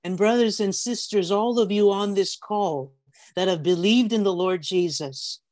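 A man preaching a sermon on a video call, telling stories with animated acted-out voices and often stumbling over repeated words. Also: high voice, unhurried, no echo. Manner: animated storytelling, acts out voices.

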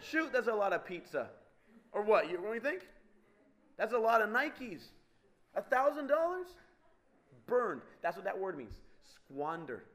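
Animated high-voiced male preacher. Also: unhurried, pauses often. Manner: animated, wide swings in pitch and loudness, teasing the crowd. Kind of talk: sermon to a live audience.

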